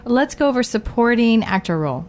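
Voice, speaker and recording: A woman's voice: on the high side, lively intonation, fairly quick, darkish tone. A woman co-hosting a show from a studio, chatting casually and teasing her co-host.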